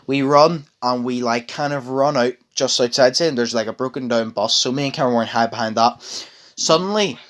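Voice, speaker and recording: A man's voice: mid-range voice, fairly quick, a bit bright. A young man in a casual chat, recounting a long story in a rambling way, swearing freely and full of fillers and restarts.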